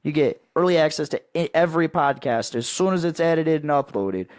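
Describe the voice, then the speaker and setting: A young man hosting a podcast in casual chat, pitching with excitable hype and laughing often. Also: a little fast, dry recording, clean studio sound. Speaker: podcast host.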